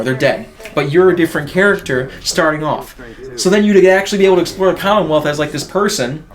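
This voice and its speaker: A man in casual gaming chat, rambling and ranting with lots of swearing. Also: on the high side. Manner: profane, rambling, animated ranting. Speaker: podcast co-host.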